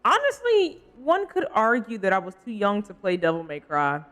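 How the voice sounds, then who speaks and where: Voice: mid-range voice, wildly swooping pitch, moderate pace, fairly bright tone, faint music behind. A young adult streamer talking through a gameplay session in a loose, chatty way. They drift from topic to topic, laugh easily and stop to answer chat. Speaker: livestreamer. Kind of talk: casual gameplay commentary.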